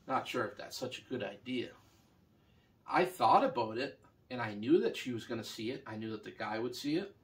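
A Canadian man who deals in junk vehicles and scrap tells a long, wandering story in a casual way, full of "you know" and false starts. His voice is mid-range, and he sounds distant and slightly off-mic.

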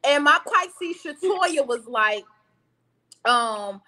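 Co-host, woman: high, lively, bright voice, blunt and profane. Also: drawn-out words. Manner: loud, blunt, profane, laughing. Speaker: podcast co-host. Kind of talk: casual chat.

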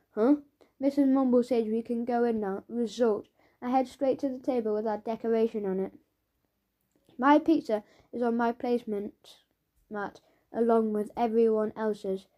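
A woman reads a children's audiobook aloud in the voice of a schoolboy telling his own story. Her delivery is lively and playful, sitting a little high with a soft, mellow tone. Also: moderate pace. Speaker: audiobook narrator.

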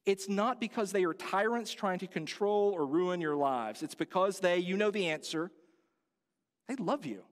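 Guy pastor giving a sermon, talks right at the crowd, high-ish voice, echoey church. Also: lively intonation, normal speed. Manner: earnest, conversational preaching with direct questions. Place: church sanctuary.

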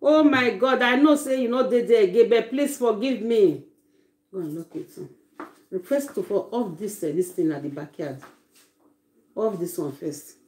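A woman's voice: medium pitch, normal speed, darkish tone. A Nigerian woman chatting casually on a live stream, greeting her viewers one by one with effusive exclamations. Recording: roomy echo.

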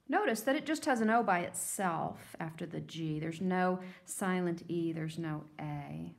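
A woman teacher giving a phonics lesson to young children, sounding out words letter by letter. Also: fairly low pitch.

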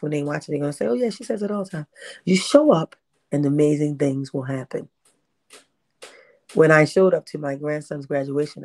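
Woman, 50s; lively interview storyteller who repeats phrases and acts out dialogue. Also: deep voice. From Baltimore, USA. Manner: animated, repeats herself, acts out quotes. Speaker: interview guest, independent filmmaker.

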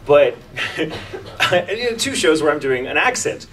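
A man, a voice actor, tells a story at a convention panel in an animated, restarting way. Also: on the high side, takes it slowly. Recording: distant mic in noisy crowded hall.

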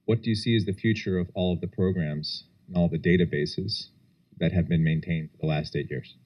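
A man's voice: deep voice, fairly even intonation, a little fast, muffled recording. A man at a policy panel, steadily framing a question. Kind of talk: panel discussion.

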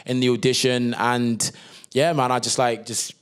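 A British actor telling a personal story in a casual interview, chatty, with many fillers and restarts. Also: male voice, mid-range voice, little pitch movement, moderate pace, clean tone. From Britain. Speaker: actor guest.

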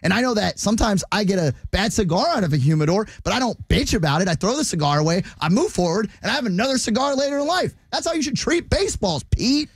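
A man's voice: high-pitched, animated, fast, few pauses, husky, no echo, clean studio sound. A male sports radio co-host giving blunt, exasperated and sarcastic commentary. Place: radio studio.

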